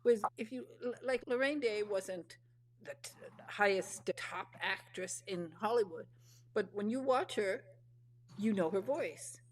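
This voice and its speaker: A woman's voice: medium pitch, unhurried, a little hiss or hum. A woman hosting an interview, talking in an emphatic, opinionated way with frequent restarts. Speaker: host. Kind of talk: casual interview chat.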